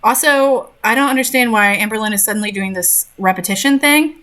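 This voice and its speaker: A woman's voice: fairly high pitch, fairly quick, bright, forceful tone. A young woman reading a story aloud and breaking off into sarcastic, exasperated commentary on it. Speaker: host reading and critiquing a story.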